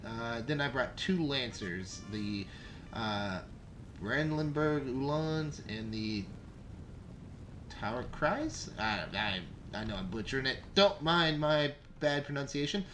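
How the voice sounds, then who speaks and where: A man's voice: mid-range voice, animated, measured pace, a bit bright, a little hiss or hum. A young man giving casual, rambling commentary on a strategy game match, with frequent fillers and self-corrections. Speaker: gameplay commentator.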